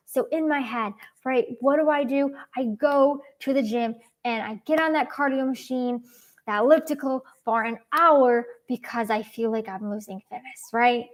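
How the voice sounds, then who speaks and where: Earnest woman dietitian, fairly high voice. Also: moderate pace. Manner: frequent ums, earnest and encouraging. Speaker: dietitian and podcast host. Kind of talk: casual advice talk.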